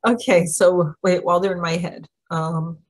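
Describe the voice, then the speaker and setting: A middle-aged woman hosting a live spiritual Q&A, telling a personal story in a chatty, animated way and acting out what others said. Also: lowish voice, normal speed, slightly rough. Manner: chatty, animated, acts out quoted voices, frequent "um" and "like". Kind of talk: casual storytelling talk.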